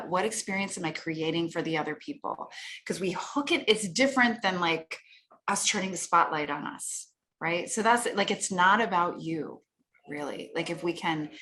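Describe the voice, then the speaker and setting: A woman speaking coach talking casually on a video call, animated and playful, acting out people's nervous inner voices. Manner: animated, acts out inner voices with big pitch jumps.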